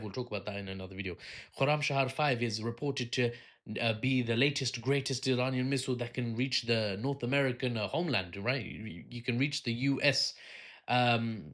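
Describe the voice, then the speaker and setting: A man's voice: medium pitch, steady tone, a little fast, fairly bright tone. A man hosting a solo political commentary video, talking in a sardonic, rambling way with asides and fillers.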